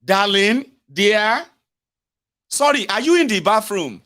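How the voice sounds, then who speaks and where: A man's voice: sits high, animated, slow, bright, forceful tone, voice pushed up, exaggerated voice. A man voicing a wife with a Nigerian accent, cooing over her crying husband with mocking sympathy. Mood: teasing. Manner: cooing, mock-sympathetic, teasing.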